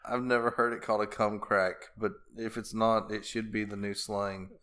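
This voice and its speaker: A man's voice: lowish voice, little pitch movement, moderate pace, a bit bright. A man co-hosting a podcast in casual chat, rambling through a story with crude jokes and laughter. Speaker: podcast co-host.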